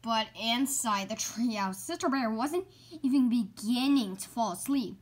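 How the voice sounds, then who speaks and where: A woman reading a children's picture book aloud, slowly and carefully, with a few stumbles and hushed passages. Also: on the high side. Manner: slow and careful, some stumbles, hushed at quiet parts. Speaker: storybook reader.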